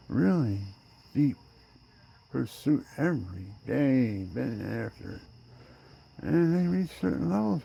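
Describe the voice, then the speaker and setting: Gravelly seventy-something man rambling. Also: a little high, a little hiss or hum. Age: 70s. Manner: rambling, drifts between loud outbursts and near-whispers. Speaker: vlogger. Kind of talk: rambling personal monologue.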